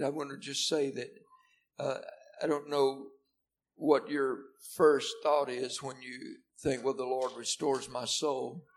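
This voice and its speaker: A man preaching a sermon to a seated church congregation, swinging between loud declarations and hushed words, often repeating words for stress. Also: mid-range voice, steady tone, unhurried, creaky. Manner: repeats and restarts words when stressing a point. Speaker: pastor.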